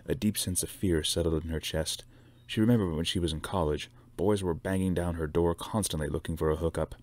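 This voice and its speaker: A man reading a novel aloud with steady narration. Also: low-pitched, a little fast, dry recording. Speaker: reader.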